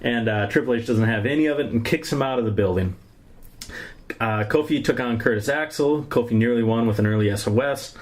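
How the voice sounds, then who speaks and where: A man's voice: medium pitch, fairly quick. A young man co-hosting a podcast, recapping events in a rambling, laughing way with many fillers. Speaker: podcast co-host. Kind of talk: casual chat recapping wrestling.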